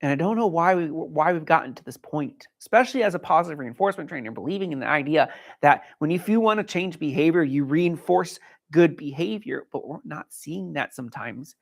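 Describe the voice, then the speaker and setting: A man's voice: on the high side, lively intonation, a little fast, vocal fry. A man who trains dogs, giving an earnest, encouraging livestream talk from inside his training facility. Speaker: dog trainer. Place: indoor dog training facility.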